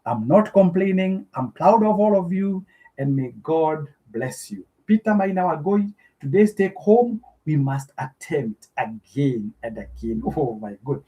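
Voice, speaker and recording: A man's voice: fairly high pitch, expressive, measured pace, dull audio. A middle-aged Kenyan man hosting a live stream, effusively thanking viewers by name and giving preacher-like blessings.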